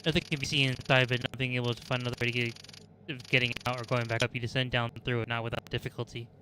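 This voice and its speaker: A man on a stream reading the text of a horror game aloud, brisk, with small restarts. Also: medium pitch, little pitch movement, noisy background. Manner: brisk, reads with restarts and jokes.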